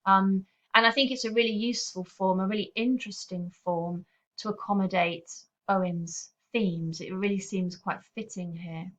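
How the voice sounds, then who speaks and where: A woman teacher giving a recorded poetry lesson over slides, explaining in a clear, steady, patient way. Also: mid-range voice, moderate pace. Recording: slightly dull lo-fi audio.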